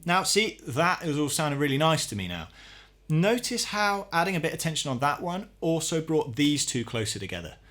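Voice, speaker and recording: A man giving a calm, methodical hands-on tutorial, explaining each step as he works on a drum. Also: on the high side, normal speed. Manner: calm, methodical, talks while working. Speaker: drum teacher.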